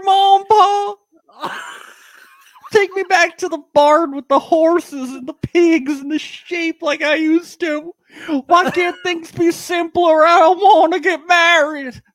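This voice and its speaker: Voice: very high-pitched, fairly even intonation, slow, a bit bright, no room sound, voice pushed up, exaggerated voice. A podcast host voicing a panicked, childish groom who whines and pleads for his mother. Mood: panicked whining. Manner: whimpering, pleading, repetitive. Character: panicked whiny groom, adult man, childish. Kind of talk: comic parody in casual chat.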